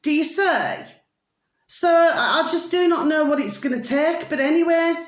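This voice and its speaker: A woman's voice: sits high, animated, moderate pace. A British woman in her fifties, talking straight to her viewers in a passionate, rambling monologue and often checking whether they follow her. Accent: British English. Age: 50s. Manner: passionate, repeats pet names and asks "do you see". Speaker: video uploader. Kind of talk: casual ranting monologue to viewers. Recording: roomy echo.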